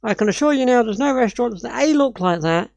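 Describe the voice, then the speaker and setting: Exasperated sweary woman, gravelly. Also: fairly high pitch, animated, quick pace, darkish tone, no room sound. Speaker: streamer. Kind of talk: live-stream reaction commentary.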